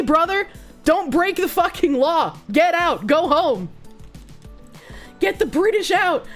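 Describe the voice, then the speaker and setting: A high-pitched woman streamer rants bluntly with plenty of swearing and dry sarcasm. She reads news out loud and reacts to it, stopping to thank chat for subs. Soft music plays faintly behind her. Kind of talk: livestream reading and reacting to news.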